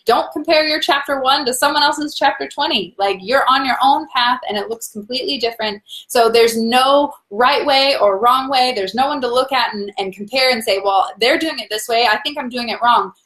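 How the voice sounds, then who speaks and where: A woman hosting a live tarot reading, talking warmly and encouragingly to her viewers, laughing often and reading out their comments. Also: sits high, moderate pace, hardly any pauses. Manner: warm, encouraging, talks to viewers as "guys".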